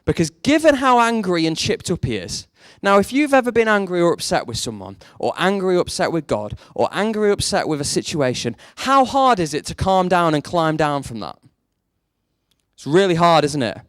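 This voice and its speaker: A young man delivers a sermon in a slightly high voice, recorded close and dry. He tells his stories steadily and throws rhetorical questions at his listeners, his pitch leaping upward whenever he drives a point home. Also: normal speed, no room sound. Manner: storytelling, animated, rises sharply for emphasis. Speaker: preacher.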